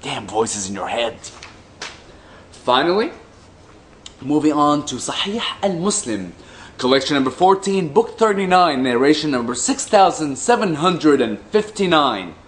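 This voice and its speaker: Sarcastic man with a lively voice. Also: a little high, slight background noise. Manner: mocking, dry asides between slow deliberate readings. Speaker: commentator reading hadith aloud. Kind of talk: reading texts with sarcastic asides.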